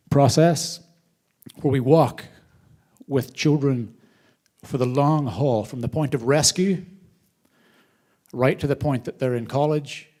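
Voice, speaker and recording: A man addresses a crowd from a theater stage at a charity gala. His voice sits at an ordinary pitch, and he tells stories with energy, getting loud for punchlines and dropping soft for thank-yous. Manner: animated storyteller, varied loudness. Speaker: charity host. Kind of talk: live event speech.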